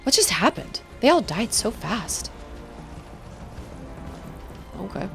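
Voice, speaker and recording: A woman's voice: mid-range voice, big pitch swings, normal speed, gravelly, fairly bright tone, soft background music. A woman gaming streamer chatting casually and reacting aloud as she plays. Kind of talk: casual live-stream chat while playing.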